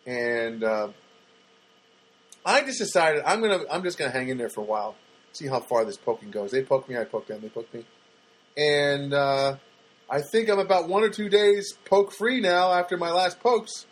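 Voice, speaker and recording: A middle-aged man hosting a podcast, rambling through a comic monologue with halting restarts and dry, self-mocking jokes. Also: fairly high pitch, low-quality recording. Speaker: podcast host.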